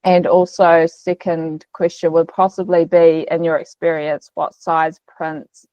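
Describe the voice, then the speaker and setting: A woman asking a hesitant, halting question during an online session over a video call with microphone trouble. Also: low voice, little pitch movement, mellow, dry recording, highs cut off. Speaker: caller. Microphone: video call with mic trouble.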